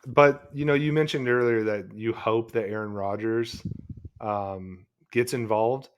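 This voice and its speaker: A laid-back man with a fairly low voice, co-hosting a sports podcast. He talks in an easygoing, chatty way and laughs along often. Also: fairly even intonation, measured pace. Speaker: podcast co-host. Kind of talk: casual sports chat.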